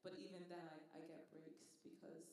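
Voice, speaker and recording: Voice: mid-range voice, flat delivery, normal speed, a little mellow. Chatty manchester-accented guest full of ums and likes, sounds far off the mic in a big echoey hall. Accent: Manchester English. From England. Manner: chatty, frequent "um" and "like" fillers. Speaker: interview guest. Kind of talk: casual interview talk.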